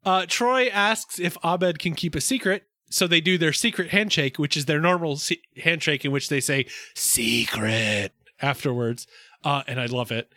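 A man's voice: on the high side, moderate pace, bright, forceful tone, no room sound, clean studio sound. A man co-hosting a podcast, chatting casually and animatedly, laughing often and filling his talk with likes. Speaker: podcast co-host. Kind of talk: casual chat recapping episodes.

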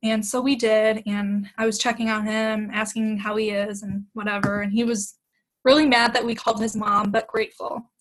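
A woman's voice: mid-range voice, flat delivery, moderate pace, poor audio. A young woman, a podcast guest, retelling a bad date in casual chat, acting out quoted lines and laughing often.

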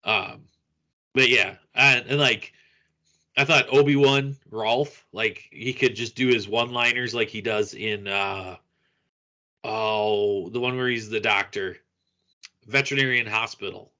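A man's voice: lowish voice, a little slow, sharp tone. A man in casual podcast chat, rambling a little, laughing often and searching for names as he talks.

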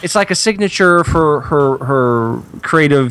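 A man's voice: mid-range voice, animated, moderate pace, a bit bright. A man co-hosting a podcast, hesitant and groping for words as he explains himself. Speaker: podcast co-host. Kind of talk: casual chat.

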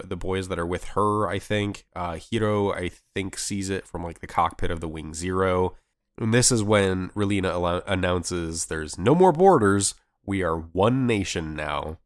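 Brief: young man, very low voice, dry close sound, laid-back anime recap host. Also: moderate pace, no room sound. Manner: relaxed, rambling recap with fillers and restarts. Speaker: podcast co-host. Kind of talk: casual anime recap chat.

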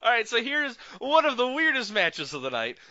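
A man's voice: very high voice, moderate pace, dry recording. A man co-hosting a wrestling review podcast, animatedly setting up the matches in casual chat. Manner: animated, sets up matches and mimics excited announcers. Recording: dry, dull lo-fi audio.

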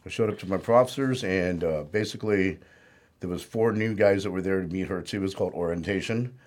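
A man's voice: sits low, a little fast, a little mellow. A man speaking as an interview guest, telling his life story in a plainspoken, rambling way with lots of "you know".

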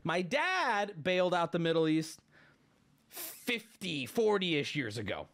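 A late-twenties man on a casual livestream delivers an indignant, profane rant. His voice sits high and a bit bright, very animated yet slow-paced.

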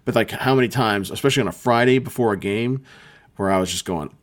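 A man's voice: fairly low pitch, fast talker. Rambling, easygoing male podcast host. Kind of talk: casual chat about tabletop gaming.

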